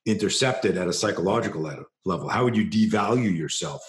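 A deep-voiced man speaks as a self-defense coach, passionate and blunt, swearing and circling back over his words. The recording has a noticeable room echo. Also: lively intonation, fast talker. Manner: passionate, profane, repeats himself at restarts. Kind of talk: storytelling interview guest.

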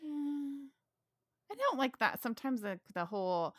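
A woman co-hosting a podcast, chiming in with short reactions and quick questions in casual talk. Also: high voice, sing-song, husky, dry recording, clean studio sound. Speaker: podcast co-host. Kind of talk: casual book discussion.

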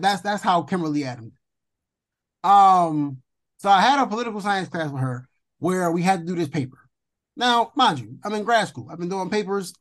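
Young man, co-host; loose, profane, animated storyteller with a somewhat high voice. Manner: animated, profane, jumps high in pitch when indignant. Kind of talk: casual storytelling chat.

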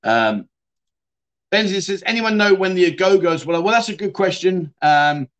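A middle-aged Yorkshire man hosts a relaxed livestream, reading viewer comments and answering them in a matey way. His voice sits a little high for a man, and his sentences often fade off quietly at the end. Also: moderate pace. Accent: Yorkshire English. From England. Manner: chatty and matey, calls viewers mate and my friend, often trails off softly. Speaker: livestream host.

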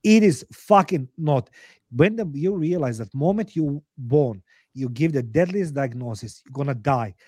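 With lively intonation and a mid-range voice that is mellow and slightly rough, a middle-aged man speaks at normal speed. He is a podcast guest and author, a non-native English speaker whose interview talk is blunt, earnest, emotional and thick with swearing; the studio sound is clean with no echo.

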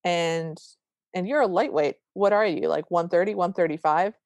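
A woman's voice: fairly low pitch, moderate pace, no echo. A woman co-hosting a podcast, retelling a movie scene by scene in casual chat and acting out the characters' lines. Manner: animated retelling with quoted lines. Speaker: podcast co-host.

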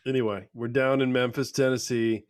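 This man, a podcast co-host, trades jokes and curse words in a casual chat. He speaks in a mid-range voice with a steady tone at a moderate pace.

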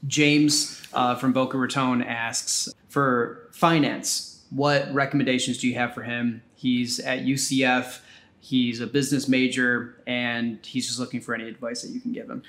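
A man's voice: mid-range voice, flat delivery, normal speed, a bit bright. A man hosting a podcast interview, upbeat and encouraging, reading out listener questions and nudging his guest along. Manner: upbeat, encouraging, many short acknowledgements. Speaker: podcast host.

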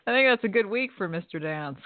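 A woman's voice: mid-range voice, expressive, quick pace, dry recording. Woman co-host on a tinny line. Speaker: podcast co-host. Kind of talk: hockey radio talk and scripted sponsor read. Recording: tinny phone-line sound, dry.

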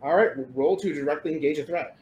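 Brief: male GM, voice sits a bit high, casual rules-explainer. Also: fast, a little mellow, a little hiss or hum, low-quality recording. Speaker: game master. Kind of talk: running a tabletop game.

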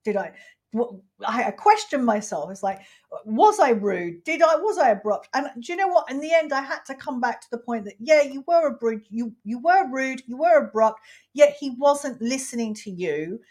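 Fifties woman from england spilling a candid story, bit high voice, swears, acts out the back and forth. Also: moderate pace. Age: 50s. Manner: frank and expressive, swears freely, acts out quoted exchanges. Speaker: podcast host.

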